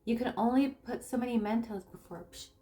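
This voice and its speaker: Speaking casually to camera, this woman works as a spiritual coach and tarot reader, and her tone is dark. She stumbles along with many restarts and fillers, letting the ends of phrases sink to a low murmur.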